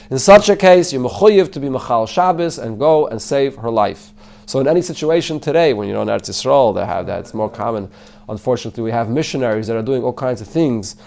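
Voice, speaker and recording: A man's voice: medium pitch, darkish tone. A man, a rabbi, teaching a Talmud class, translating the text line by line and explaining it in English mixed with Hebrew and Yiddish terms. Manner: answers students' questions.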